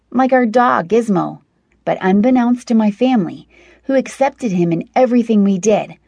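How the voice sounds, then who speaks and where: Husky, gravelly woman narrating a story. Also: medium pitch, mellow, no echo. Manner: wry, conversational storytelling. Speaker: audiobook narrator. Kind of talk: scripted first-person narration.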